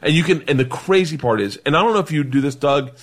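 Animated man telling a wild story. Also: on the high side, quick pace. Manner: animated, swearing, laughing storyteller acting out quotes. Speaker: comedian guest. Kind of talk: storytelling in casual podcast chat.

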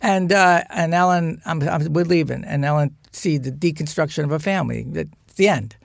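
A middle-aged man and guest actor, telling stories in a casual interview in an animated way, acting out the scenes. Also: a little high, moderate pace, creaky, no echo, studio quality. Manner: animated, acts out scenes, many restarts. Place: studio.

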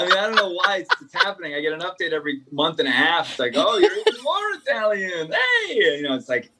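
A man's voice: mid-range voice, sharp tone. A man chatting casually on a podcast with a playful, laughing manner.

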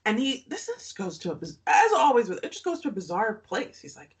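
A woman's voice: on the high side, wildly swooping pitch, quick pace, few pauses, a bit bright. A woman co-hosting a podcast, recapping a reality show in casual chat, often laughing and making sarcastic asides.

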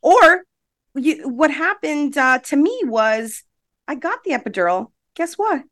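A woman hosting a podcast, a mother chatting casually in a lively, joking way and laughing often. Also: high voice, unhurried.

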